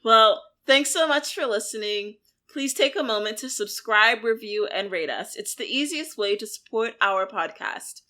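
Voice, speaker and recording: Woman podcast co-host, high and bright, excitable casual talker. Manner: quick, excitable, swears casually. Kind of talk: casual chat.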